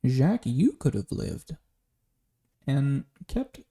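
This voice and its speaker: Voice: medium pitch, slow, vocal fry. A YouTube reviewer rambling sarcastically through a movie recap and acting out lines from the film. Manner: sarcastic, rambling, animated recap with acted quotes. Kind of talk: casual movie recap vlog. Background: faint background music.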